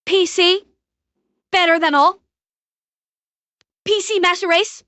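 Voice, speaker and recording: A woman streamer reacting to a video, excitable and swearing a lot. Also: very high voice, slow, no echo.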